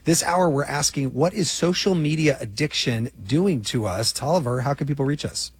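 A man hosting a national radio call-in show, relaxed and conversational with a teasing edge. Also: fairly high pitch, moderate pace, breathy edge, dry recording.

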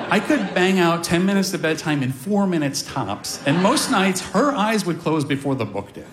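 Man, middle-aged, lively storyteller, slightly high voice, wry asides, stage before a crowd. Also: moderate pace, hardly any pauses, background noise. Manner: animated, self-deprecating, wry asides. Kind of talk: live comic storytelling. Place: stage before a live audience.

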